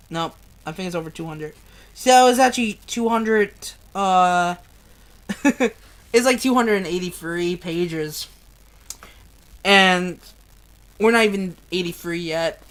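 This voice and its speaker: A woman reading a novel aloud with casual commentary, emotional and tearful and swearing often. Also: medium pitch. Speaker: book reader.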